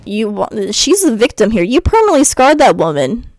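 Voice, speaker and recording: A young woman ranting casually in a vlog, animated and chatty, swearing freely. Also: fairly high pitch, moderate pace, no room sound. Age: young adult. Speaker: YouTuber.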